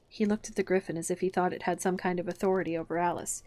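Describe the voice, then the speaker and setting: A woman reading a classic children's story aloud in a calm, gentle, measured bedtime style. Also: medium pitch.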